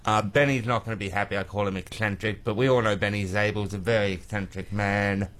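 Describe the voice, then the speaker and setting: A man's voice: fairly low pitch, a little fast. A man representing a market, chatting fondly and loosely in a radio interview. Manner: relaxed, fond, rambling.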